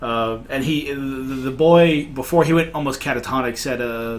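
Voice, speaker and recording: A man's voice: medium pitch, fairly even intonation, moderate pace, few pauses. Rambling man running a tabletop game. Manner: rambling, many fillers and restarts. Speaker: game master. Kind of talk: casual recap of a tabletop game.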